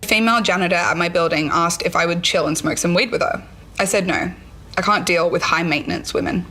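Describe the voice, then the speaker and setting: A woman delivering one-line jokes deadpan in a casual group challenge. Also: fairly low pitch, a little fast.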